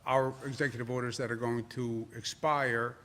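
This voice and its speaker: A man's voice: mid-range voice, level tone, moderate pace, fairly bright tone. A man with a New York accent answering reporters at a press briefing as governor, combative and repetitive, building to emphatic outbursts.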